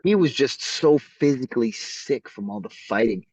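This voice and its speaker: A man who is a podcast guest, telling stories in a casual, animated way and acting out the people in them. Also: medium pitch, moderate pace, husky, no echo. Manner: animated storyteller who acts out the voices in his stories. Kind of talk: casual storytelling interview. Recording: slightly dull lo-fi audio.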